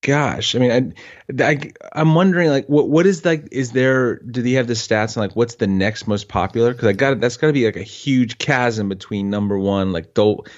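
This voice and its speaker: A man's voice: mid-range voice, moderate pace, lo-fi sound. Laid-back man saying "man" a lot. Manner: laid-back, surfer-style slang, says "man" a lot. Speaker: podcast co-host. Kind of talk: casual chat.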